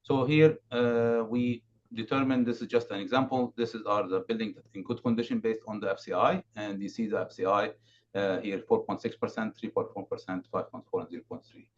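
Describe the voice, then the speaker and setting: A man giving a consultant's presentation at a council meeting, halting with many fillers and restarts. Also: on the low side, fairly even intonation. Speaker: building condition consultant presenting. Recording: dull lo-fi remote audio, faint noise.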